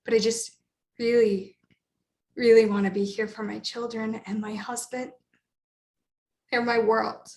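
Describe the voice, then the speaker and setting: A woman plays a terminally ill mother of young children in a solo stage show, speaking in a pleading, emotional way. The voice stays mid-pitched, with a roomy echo around it. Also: little pitch movement, unhurried, pauses often, a little mellow, a little hiss or hum.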